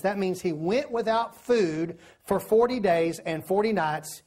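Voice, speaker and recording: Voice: mid-range voice, a little slow, darkish tone. A preacher, giving a sermon, telling stories and asking the listeners questions. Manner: storytelling, asks the listeners questions.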